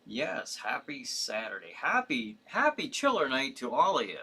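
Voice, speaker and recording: A man's voice: mid-range voice, wildly swooping pitch, normal speed, creaky, bright, forceful tone, husky. A man hosting a casual live stream, reading viewer comments aloud and answering them in a rambling way with fillers and restarts. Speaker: host.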